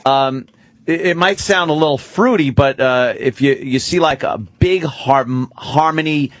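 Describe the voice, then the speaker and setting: A man's voice: on the high side, dry recording. Brief: male radio host, dry booth sound, casual, stops and restarts mid-thought. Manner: halting, searching for words with many restarts. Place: radio studio. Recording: dry, slightly muffled studio audio.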